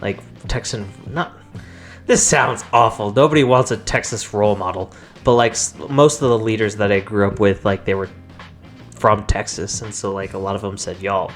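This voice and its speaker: Young guy podcast cohost, slangy and laughy, low voice, bit of music behind. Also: steady tone, normal speed. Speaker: podcast co-host. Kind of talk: casual chat.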